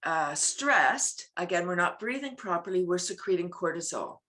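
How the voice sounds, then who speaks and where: Speaking at a normal pace in a fairly low voice, this woman is being interviewed about her work as a laughter yoga teacher. She's animated throughout, with frequent laughter and playful sound effects.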